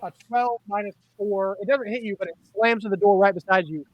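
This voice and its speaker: A man's voice: high voice, brisk, no room sound, lo-fi sound. A man running an online tabletop game as game master, narrating events in an easygoing, matter-of-fact way.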